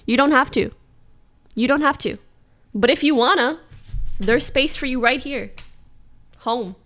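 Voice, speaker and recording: A woman's voice: high-pitched, unhurried, a bit bright. A young adult woman livestreamer chatting casually with her viewers, giggly and slangy, laughing often. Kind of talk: casual chat to a live stream.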